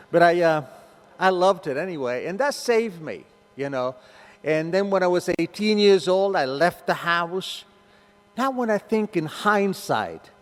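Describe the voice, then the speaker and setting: A man in his sixties telling his personal story to a meeting audience, with joking, conversational asides. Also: a little high. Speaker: speaker at a recovery meeting. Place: meeting hall. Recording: long hall reverb.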